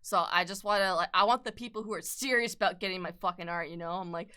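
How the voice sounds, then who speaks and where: A young adult woman chatting casually on an art livestream, excitable and gushing, swearing freely and laughing often. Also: fairly low pitch, quick pace, clean tone. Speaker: artist livestreamer. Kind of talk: casual chat while drawing.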